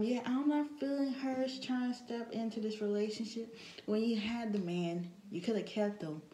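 A woman's voice: medium pitch, mellow, reverberant, low-quality recording. A woman recapping a reality TV episode in a casual, chatty way, full of fillers and blunt asides. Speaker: TV show reviewer.

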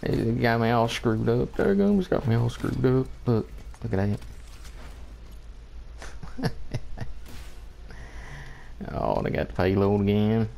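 A man's voice: lowish voice, takes it slowly, creaky, pauses often, a little mellow, a little hiss or hum. A man giving casual gameplay commentary, grumbling in disbelief, repeating himself and chuckling, with folksy mild oaths.

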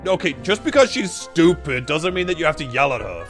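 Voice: mid-range voice, big pitch swings, brisk, music in the background, natural voice. An actor voicing a grumpy, gloomy dad in a game animation who keeps complaining.

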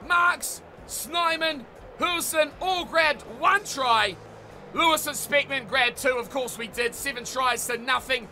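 A man with a New Zealand accent commentating his own rugby video game, yelling mock insults at the players and then muttering to himself. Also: extremely high pitch, slow, soft background music. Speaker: gaming YouTuber.

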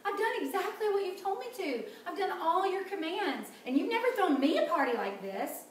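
A woman's voice: extremely high pitch, big pitch swings, normal speed, pitched above the performer's own voice. A woman voicing a resentful, sulky older brother who complains indignantly. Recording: echoey room, distant mic.

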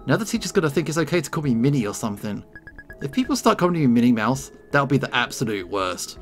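A man's voice: medium pitch, big pitch swings, fast talker, soft background music, natural voice. A man voicing a sullen, hot-headed teenage girl who talks in a sulky, blunt way.

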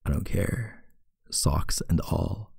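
A man in a whispered role-play, playing a teasing boyfriend. His voice is very low and gravelly, with a husky edge, and he talks slowly into a close, dry mic. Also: no room sound. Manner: playful teasing, soft and intimate.

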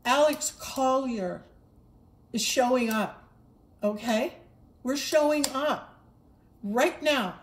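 A woman's voice: high voice, slow, long pauses, echoey room, a little hiss or hum. A woman giving an earnest spiritual monologue, repeating herself and stumbling over restarts as she speaks. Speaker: spiritual livestreamer.

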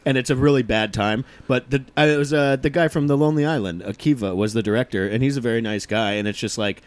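A man's voice: mid-range voice, fast, no room sound. Laid-back man telling a story. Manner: laid-back, loose, heavy on "like". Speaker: podcast co-host. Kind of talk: casual storytelling.

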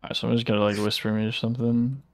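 A man's voice: medium pitch, little pitch movement, rapid-fire, dry recording, clean studio sound. A man streaming a game, chatting casually with his teammate in a laid-back, slangy way and laughing often. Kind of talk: casual gaming chat.

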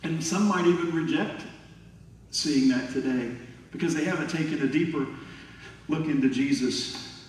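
A man's voice: fairly high pitch, normal speed, long pauses, far from the mic, slight background noise. Preacher man in a big echoing church. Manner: emphatic, acts out quoted voices. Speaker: pastor. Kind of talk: sermon. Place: large church hall. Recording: echoey hall from afar.

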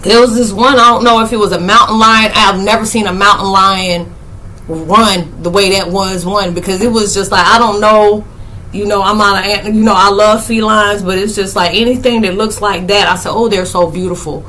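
Animated woman telling stories with laughs. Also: normal speed, a little hiss or hum, rough recording. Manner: animated, laughs often, acts out quotes in high squeals. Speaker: spiritual vlogger. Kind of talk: casual storytelling monologue.

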